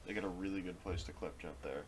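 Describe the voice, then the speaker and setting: A young man co-hosting a casual podcast, relaxed with dry remarks and questions. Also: low voice, quick pace, heavy background noise. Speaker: podcast co-host. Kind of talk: casual chat.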